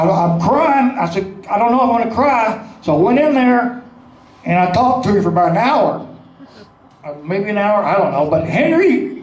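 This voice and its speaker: Man, high voice, plainspoken rambling eulogy, echoey hall, faint room noise. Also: darkish tone. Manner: rambling, plainspoken storytelling with folksy asides. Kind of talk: spoken eulogy.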